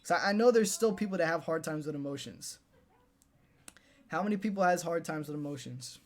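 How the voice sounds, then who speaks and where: High-voiced young man giving a trading pep talk. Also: expressive, fairly quick. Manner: repetitive, pep-talk, tags "right?" and "dude". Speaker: day trading coach. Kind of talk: casual motivational talk to viewers.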